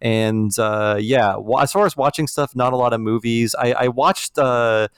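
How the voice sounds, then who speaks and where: A man's voice: mid-range voice, normal speed, smooth, dry recording. A man in his forties chatting casually as a podcast co-host, rambling and dry, with lots of fillers. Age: 40s. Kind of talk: casual chat about movies and games.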